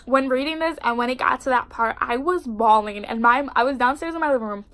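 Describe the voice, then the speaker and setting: A young woman with a congested voice reviewing a book in casual, expressive chat. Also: high voice, fairly quick. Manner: expressive and chatty, fillers like "like". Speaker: book vlogger.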